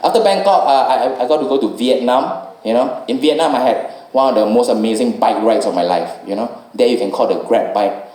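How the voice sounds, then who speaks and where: A man's voice: mid-range voice, brisk, dark tone, roomy sound, poor audio. A man with a Singaporean English accent doing stand-up storytelling, loose and rambling with lots of "you know" tags. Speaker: stand-up comedian.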